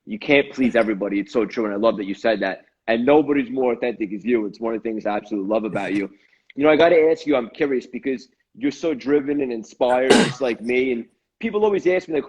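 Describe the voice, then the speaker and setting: A man's voice: mid-range voice, a little mellow, breathy edge, highs cut off. A man hosting a casual interview, upbeat and full of effusive praise for his guest. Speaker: host.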